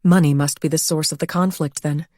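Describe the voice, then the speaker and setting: Woman, audiobook narrator, low voice, steady measured reading, dry close recording. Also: dry recording. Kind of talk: scripted narration.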